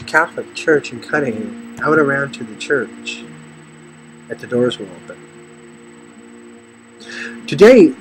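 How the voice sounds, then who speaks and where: A middle-aged man from the Los Angeles area telling personal stories about faith in a rambling, storytelling way. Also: poor audio. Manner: storytelling, voices others with sudden high shouts.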